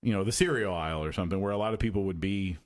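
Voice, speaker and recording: A man's voice: low voice, racing, a little hiss or hum. A man co-hosting a podcast in casual chat, rambling with many restarts and fillers. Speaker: podcast co-host.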